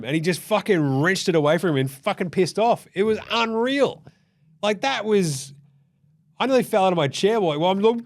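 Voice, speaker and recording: An Australian-accented man with a high-pitched, expressive voice hosts a basketball recap show at a moderate pace. He swears freely and acts out what the players might have said in this casual, profane game rundown.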